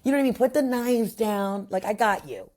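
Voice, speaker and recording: A woman's voice: medium pitch, lively intonation, brisk, darkish tone. A woman comedian as a podcast guest, talking in a brash, crude, storytelling way. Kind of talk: casual chat.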